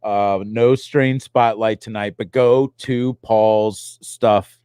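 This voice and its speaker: A middle-aged man hosting a podcast, joking and excitable, often restarting his sentences. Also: fairly low pitch, slow pace, smooth, dry recording. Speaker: podcast host. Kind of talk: casual chat.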